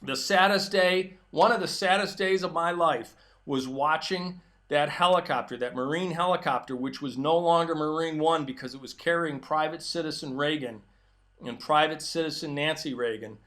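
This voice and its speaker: A man's voice: fairly high pitch, normal speed, a bit bright. A middle-aged man hosting a political commentary show, delivering an emphatic, combative opinion monologue.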